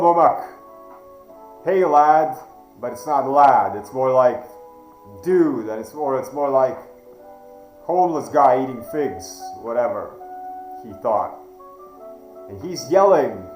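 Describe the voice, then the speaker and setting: Guy with english as second language telling a story slow and careful, faint music, roomy sound. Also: medium pitch, darkish tone. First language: not English. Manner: slow, deliberate storytelling with hesitant restarts. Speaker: channel host. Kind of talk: reflective storytelling monologue.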